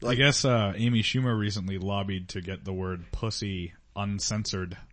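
A man guesting on a podcast, wry and measured in casual banter. His voice sits a little low. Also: fairly even intonation, fairly bright tone.

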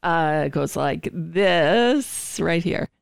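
A woman's voice: fairly low pitch, expressive, drawn-out words, gravelly. A woman hosting a livestreamed political talk show on a studio microphone. She speaks bluntly and indignantly, swears freely and often restarts her sentences.

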